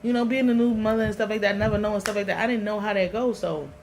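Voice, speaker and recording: A woman's voice: mid-range voice, steady tone, quick pace, darkish tone. New york woman vlogging her story, raw and emotional, noisy recording. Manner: candid, emotional, slangy. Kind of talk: casual storytelling to camera.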